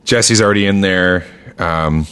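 A man's voice: low voice, a little slow, a bit bright, smooth. A man casually recapping a TV episode on a podcast, rambling with lots of fillers and acting out quoted lines. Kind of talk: casual chat.

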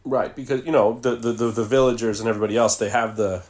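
A man with a mid-pitched voice walks through a film plot on a podcast. He is relaxed and steady, though he stops and restarts now and then. His delivery stays conversational. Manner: relaxed, recaps plot, some halting restarts. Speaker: podcast co-host. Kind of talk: casual film discussion.

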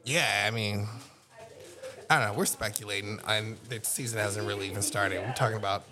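A man co-hosts a sports podcast with a fairly low voice. He is chatty and argumentative, and he often repeats the first word as he starts a sentence. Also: a little fast, a crowd in the background. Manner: chatty, stammers at starts, argues points. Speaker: podcast co-host. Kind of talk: casual sports chat. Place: car show event.

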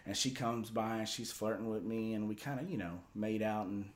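A man's voice: lowish voice, steady tone, brisk. Profane rambling man telling a story. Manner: rambling, profane, lots of fillers like "you know". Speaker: podcast host telling a story. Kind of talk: casual storytelling.

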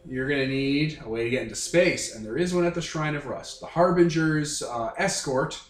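A man narrating a tabletop game as game master, loose and profane, quick to laugh. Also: a little high. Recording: roomy recording, faint music.

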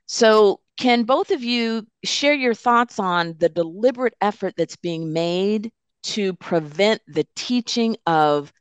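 A woman hosting a panel discussion, measured and thoughtful as she frames questions to her guests. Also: mid-range voice, lively intonation, clear, resonant tone, dry recording. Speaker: host.

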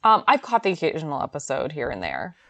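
Female podcast co-host, lower voice, very lively intonation, casual. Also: fast talker, vocal fry, over a noisy crowd. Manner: animated, laughs often. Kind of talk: casual chat. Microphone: podcast mic.

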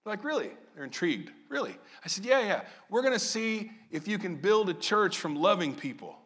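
A man's voice: sits high, fairly quick, slightly rough. A man from Southern Illinois preaching a sermon as pastor, asking his congregation question after question. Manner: animated, asks the congregation questions.

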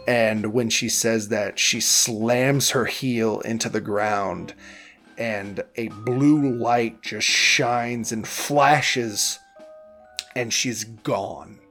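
Slow chill guy running a tabletop game, bit of music in the back. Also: lowish voice. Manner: relaxed, rambling, laughs easily. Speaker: game master.

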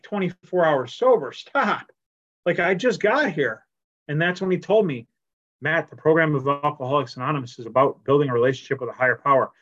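A man speaking at a recovery meeting in a casual, animated storytelling style, acting out the conversations he tells. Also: on the high side. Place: at home on a video call. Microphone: computer mic on a video call. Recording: lo-fi video call audio.

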